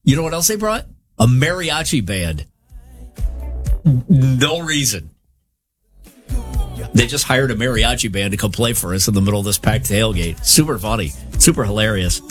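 Man, fifties, podcast co-host, low voice, self-mocking storyteller, faint music. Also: fairly bright tone. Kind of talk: casual comedic chat.

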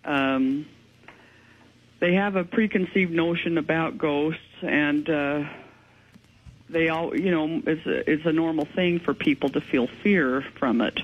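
A woman's voice: low-pitched, measured pace, lo-fi sound, slight background noise. A woman, a ghost investigator, speaking earnestly and matter-of-factly as a radio guest. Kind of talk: radio interview.

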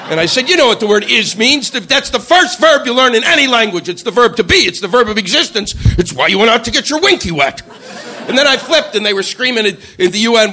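A male stand-up comedian doing a profane, exasperated routine, sometimes breaking into shouted voices. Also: high voice, expressive, fast, a little hiss or hum.

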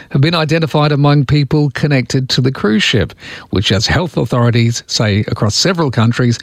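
A man hosting a talk radio show, chatty and wry, chuckling at his own asides. His voice sits at an ordinary pitch, recorded close and dry with no room sound. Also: no room sound.

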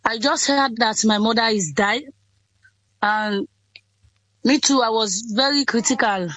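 A woman in her twenties from Sierra Leone, with a Sierra Leonean accent, speaks in a fairly high voice. Her sentences are short and halting, and she often says things twice. The sound is dry and close. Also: a bit bright, no room sound, poor audio. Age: 20s. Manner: simple halting sentences, repeats herself. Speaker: interviewee, Ebola survivor. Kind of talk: interview over a phone or call.

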